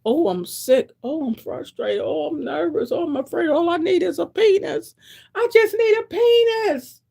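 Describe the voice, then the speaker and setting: A woman's voice: extremely high pitch, lively intonation, moderate pace, gravelly, mellow, voice pushed up, heavily acted. A woman voicing a needy, frantic younger version of a woman, pleading in a rising, whiny wail.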